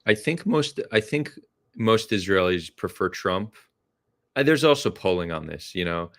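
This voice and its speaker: This podcast host has a deep, animated voice with a fairly bright tone, and he takes his time. In casual conversation he's thoughtful yet hesitant, often restarting his sentences.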